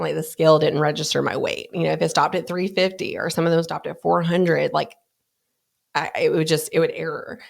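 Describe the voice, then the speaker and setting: A woman speaks in a low, gravelly voice, full of vocal fry. She talks candidly and earnestly as a podcast guest, with plenty of "like"s and "you know"s. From American South. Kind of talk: candid conversational storytelling.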